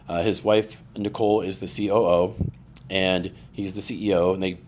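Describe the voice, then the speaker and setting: This podcast guest has a low-pitched voice and a moderate pace, heard over slight background noise. He's an animated storyteller in a casual chat, performing the voices of the people he quotes.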